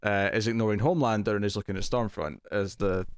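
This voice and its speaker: A man co-hosting a casual TV review podcast, jokey and quick to laugh. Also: lowish voice, fairly even intonation, smooth, no room sound, clean studio sound. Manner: laughs often, jokey, self-mocking. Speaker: podcast co-host.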